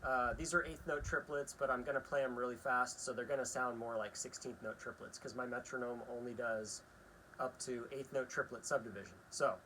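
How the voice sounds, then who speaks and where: A man of middle pitch teaches a practice-pad lesson in an easy, chatty way. He counts the rhythms out loud as he plays. The home video recording has clear background noise under his voice. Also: steady tone, a little fast, rough recording. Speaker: drum teacher. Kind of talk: casual demonstration lesson. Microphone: phone camera aimed at a practice pad.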